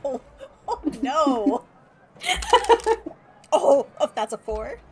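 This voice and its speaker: Animated high-voiced woman player. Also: very slow, noisy background. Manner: animated, exclaiming at dice rolls. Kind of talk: casual tabletop role-play.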